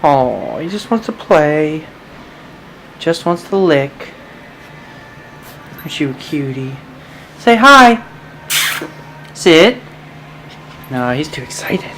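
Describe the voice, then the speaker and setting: A woman filming her puppy at home, cooing at it in high baby talk and giving it commands. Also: expressive, slow, long pauses, a bit bright, a little hiss or hum. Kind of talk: home video, talking to a pet. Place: home, indoors.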